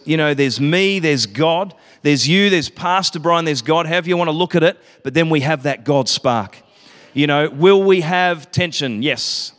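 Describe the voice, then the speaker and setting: A man's voice: on the high side, big-room sound. A man, preaching a casual sermon to a congregation, chatty and self-interrupting, laughing often.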